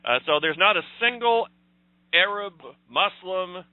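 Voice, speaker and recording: A man co-hosting a casual political chat, with mocking sarcasm and a quick laugh. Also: sits high, dry recording. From United States. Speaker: co-host. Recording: dry, phone-like sound.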